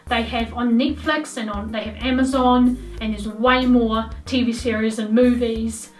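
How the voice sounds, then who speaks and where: A woman's voice: on the high side, fairly even intonation, unhurried. Chatty New Zealand woman, roomy echo. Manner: chatty, rambling with frequent ums. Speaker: vlogger. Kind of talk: casual vlog chat. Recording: roomy echo, voice from a distance, light background music.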